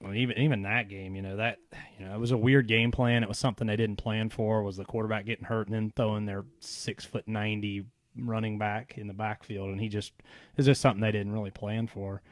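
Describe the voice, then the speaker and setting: A man hosting a casual live-streamed high school football show, his voice raspy and hoarse, joking around and then opening the show with a loud announcer push. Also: little pitch movement, fairly quick, dry recording. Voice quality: raspy, strained voice. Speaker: host.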